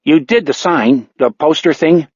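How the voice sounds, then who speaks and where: A man's voice: on the high side, measured pace, a little mellow, breathy edge, no echo, muffled recording, pitched above the performer's own voice. A man reading an audiobook voices a sour, greedy middle-aged nursing home boss who gripes about everything. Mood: griping. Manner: griping, complaining.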